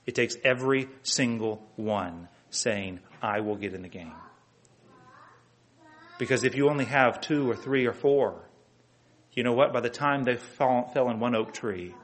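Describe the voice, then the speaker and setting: A man's voice: medium pitch, normal speed. A man preaching a fervent sermon, firing rhetorical questions at the congregation. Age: adult with children. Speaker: pastor.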